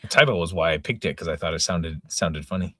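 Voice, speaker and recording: A man's voice: sits low, fast, sharp tone, husky, no room sound. A man in his forties from the United States, chatting casually on a live stream with dry joking asides. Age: 40s. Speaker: livestream co-host. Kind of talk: casual livestream chat.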